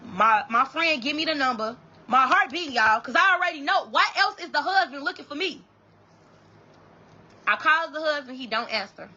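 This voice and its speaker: A young woman with a high, bright voice tells her viewers a personal story in a casual storytime chat. She is blunt and profane, and she often stops and restarts her sentences. The sound is dull and lo-fi. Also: animated, normal speed. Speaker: storytime vlogger.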